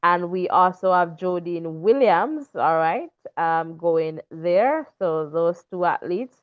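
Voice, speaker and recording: A woman's voice: on the low side, lively intonation, slow pace. A woman hosting a talk show, casually reading through lists of names with fillers. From Jamaica. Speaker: show host. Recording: dull lo-fi recording.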